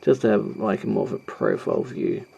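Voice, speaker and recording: A man's voice: fairly low pitch, huge pitch swings, normal speed, creaky, dark tone, slightly rough. A man talking through a drawing tutorial as he sketches, hesitant and rambling, with many ums and self-deprecating asides. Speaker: art tutorial host. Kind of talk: narrating a live drawing tutorial.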